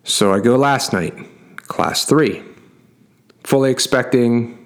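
A man's voice: mid-range voice, slow pace. A middle-aged man coaching his clients through a casual story, emphatic and repeating words for effect.

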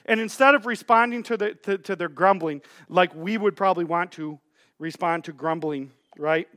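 Middle-aged male pastor, high bright voice, chatty sermon style with lots of restarts. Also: moderate pace. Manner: casual and joking, many restarts.

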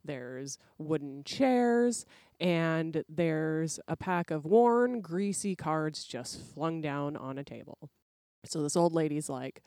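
A woman's voice: low-pitched, slow, mellow, no echo, clean studio sound. A woman podcast co-host telling a folklore tale in a casual, laid-back way. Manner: laid-back, conversational, uses "like" and "dude". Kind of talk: casual storytelling.

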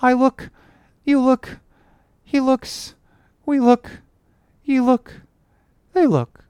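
A woman's voice: sits high, little pitch movement, drawn-out words, a little mellow, clear, resonant tone, no room sound. A woman voicing a crazed young cabin boy in an audiobook, chanting and rambling in a sing-song way. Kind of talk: audiobook character reading.

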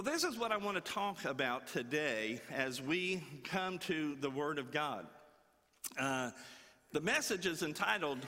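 Bright-voiced folksy preacher in a ringing hall. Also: male voice, high voice. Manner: folksy, animated, repeats words for effect. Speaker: guest preacher. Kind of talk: sermon with storytelling. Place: church before a congregation.

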